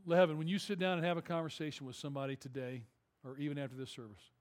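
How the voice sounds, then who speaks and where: A high-voiced male pastor, preaching to his congregation. He tells a story with jokes, then builds to emphatic, rising calls. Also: flat delivery, rapid-fire. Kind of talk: sermon.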